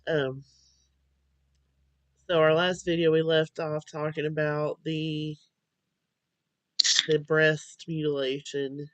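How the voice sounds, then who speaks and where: A young woman speaking slowly and hesitantly, sounding drowsy, hosting a casual home video chat. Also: sits low, flat delivery, dry recording, lo-fi sound. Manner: slow, hesitant, halting with many fillers. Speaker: vlog host.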